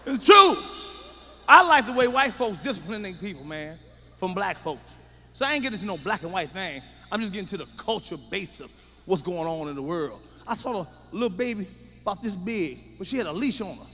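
High sharp-voiced guy doing loud dirty stand-up, big echoey theater. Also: sing-song, a little fast. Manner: loud, profane, swings from shouting to muttered asides. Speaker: stand-up comedian. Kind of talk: stand-up comedy routine. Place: large theater stage with live audience. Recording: live concert hall reverb.

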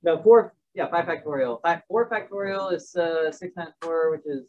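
A man's voice: fairly high pitch, moderate pace, recorded from a distance. A man lectures a math class in a loose, chatty way, full of joking asides and restarts as he works problems out aloud. He sounds set back from the microphone, and the recording is dull and muffled. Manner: rambling, joking asides, restarts while working sums. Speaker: math teacher.

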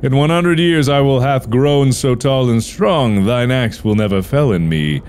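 A man's voice: mid-range voice, lively intonation, measured pace, darkish tone, a little hiss or hum, natural voice. A man doing a stilted, sly talking tree. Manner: stilted mock-archaic speech. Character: archaic-speaking sinful talking tree.

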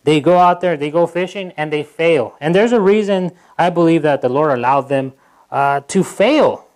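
A pastor giving a sermon in church, talking in a loose conversational way with asides to the congregation and acting out quotes. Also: male voice, fairly high pitch, moderate pace, low-quality recording. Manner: animated, acting out quotes in a livelier voice.

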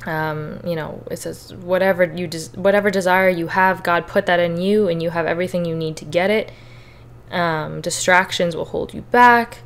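A woman's voice: fairly low pitch, fairly even intonation, moderate pace. Tearful young woman sharing her testimony. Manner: candid, earnest, emotional at times. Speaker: podcast host. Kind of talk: personal testimony, casual.

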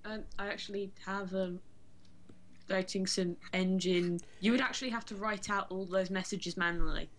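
A woman's voice: medium pitch, steady tone, moderate pace. A woman co-hosting a let's play, explaining game details in a thoughtful, hesitant way. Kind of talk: casual chat during a game.

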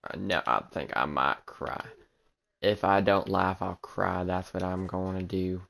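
Low gravelly man streaming a game. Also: fairly even intonation, unhurried, a bit bright. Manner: rambling, talks back to the game teasingly. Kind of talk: casual gameplay commentary.

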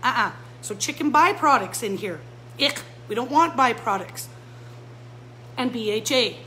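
A woman's voice: on the high side, expressive, a little slow, bright, forceful tone, slight background noise, rough recording. A woman who runs a pet store, giving a fired-up live-stream talk straight to her viewers. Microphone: phone or camera mic.

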